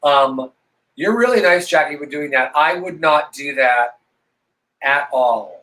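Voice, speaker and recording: A slightly high, bright-toned man tells a sprawling family story on a video call. He swears freely and throws himself into the quoted voices. He has had a couple of glasses of vodka and talks like it. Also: lively intonation, slow, low-quality recording. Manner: profane, theatrical, acts out quoted voices. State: tipsy from vodka. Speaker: co-host. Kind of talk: casual storytelling on a live stream.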